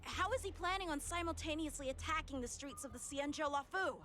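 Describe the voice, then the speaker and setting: An actress playing a sharp young officer in a video game, giving crisp and urgent orders. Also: female voice, high voice, a little fast, a little hiss or hum. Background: game music.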